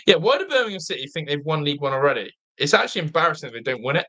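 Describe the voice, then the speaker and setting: A young man hosting a live football watch-along, chatting excitedly, reacting to play and reading viewer comments aloud, with a slightly blocked nose. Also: a little high, racing. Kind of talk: live fan commentary and chat.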